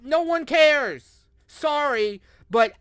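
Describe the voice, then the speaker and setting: Exasperated man, high bright voice. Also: lively intonation, drawn-out words, dry recording. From United States. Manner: exasperated, sarcastic, profane; sighs often, repeats words in frustration. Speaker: commentator reacting to news articles. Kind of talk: ranting commentary.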